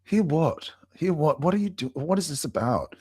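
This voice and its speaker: A man's voice: fairly low pitch, big pitch swings, a little slow, husky, exaggerated voice. A man voicing a distraught, pleading mother in a story, repeating herself anxiously. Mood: upset, pleading. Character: distraught middle-aged mother, tearful and pleading.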